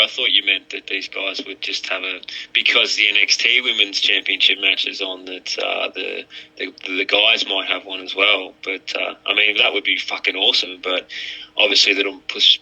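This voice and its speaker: A man's voice: deep voice, gravelly, bright, forceful tone. A man chatting crudely as a podcast guest, often stammering and restarting. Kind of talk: casual podcast chat. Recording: lo-fi muffled mic.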